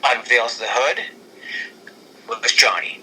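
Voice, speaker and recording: Excitable rambling man, bright voice. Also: mid-range voice, takes it slowly, slight background noise, poor audio. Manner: excitable and rambling, with frequent restarts. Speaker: podcast co-host. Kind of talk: casual podcast chat pitching storylines.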